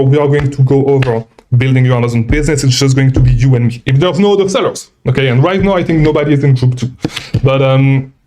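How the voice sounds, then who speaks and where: Indoors on the road, a livestream host who coaches sellers rambles through a relaxed Q&A, breathless, reading viewer questions and saying "okay?" again and again. His voice is medium-pitched and mellow, with slight background noise.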